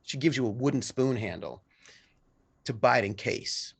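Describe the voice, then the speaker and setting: Slow, gravelly game master narrating. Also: male voice, mid-range voice, animated. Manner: unhurried descriptive narration with pauses.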